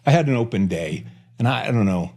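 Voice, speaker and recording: A man hosting a podcast, talking casually and with energy, joking around and speeding up when he gets excited. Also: medium pitch, fast talker. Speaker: podcast host.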